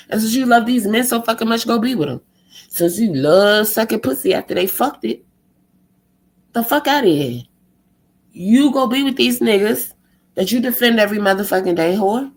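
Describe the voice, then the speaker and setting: A woman's voice: fairly high pitch, lively intonation, fairly quick. Profane, heated woman ranting on stream. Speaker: live-stream host.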